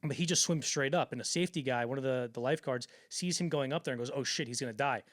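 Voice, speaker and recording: A man hosting a podcast, telling stories in a casual, animated way with lots of swearing and restarts. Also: medium pitch, fast, no echo, clean studio sound. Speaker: podcast host. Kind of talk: casual storytelling chat.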